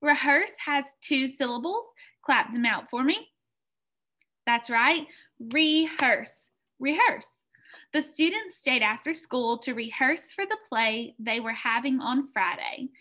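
A woman teaching a phonics lesson to young children, encouraging and clear as she sounds out words slowly. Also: sits high, expressive, sharp tone. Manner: encouraging, clear, slow word-by-word.

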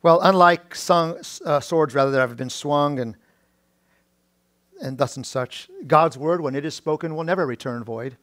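A middle-aged male pastor giving a sermon, often restarting his words and rising loud and high on key points. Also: normal speed, no room sound. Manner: preaching with many restarts and repeated words; rises to a loud high pitch when stressing points.

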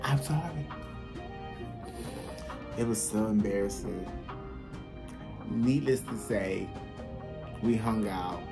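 A man telling a casual story to his viewers, animated and blunt, swearing freely and talking straight to them. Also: on the low side, takes it slowly, vocal fry, pauses often, over music. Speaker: vlogger. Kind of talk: casual story time while eating.

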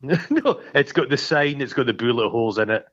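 A man's voice: medium pitch, lively intonation, normal speed, a bit bright. A man co-hosting a podcast, chatting casually about a film, swearing freely and acting out quoted lines. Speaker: podcast co-host. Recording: dull lo-fi sound.

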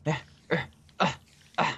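A young man co-hosting a video game let's play, excitable and prone to yelps and shouts of alarm. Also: takes it slowly, no room sound, lo-fi sound. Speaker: co-host gamer.

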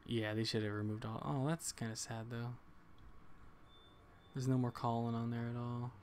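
A man's voice: mid-range voice, moderate pace, slight background noise. A man streaming a video game, casually muttering reactions and chatting about the stream. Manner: relaxed, muttered reactions to gameplay. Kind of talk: casual gaming stream commentary.

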